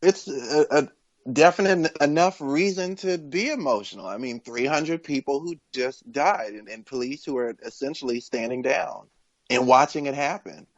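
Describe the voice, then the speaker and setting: A man's voice: mid-range voice, normal speed, no echo. Earnest man on a dull-sounding line. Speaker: podcast guest. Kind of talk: casual political chat.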